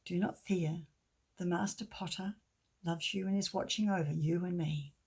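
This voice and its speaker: A middle-aged woman giving a gentle sermon with a children's story, often dropping to a soft near-whisper. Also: on the low side, steady tone, normal speed, vocal fry, breathy edge. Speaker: church speaker.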